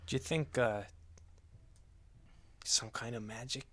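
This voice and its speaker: A man's voice: mid-range voice, fairly even intonation. A man playing a tabletop game, asking lots of questions in casual chat. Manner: asks many quick questions. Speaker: player.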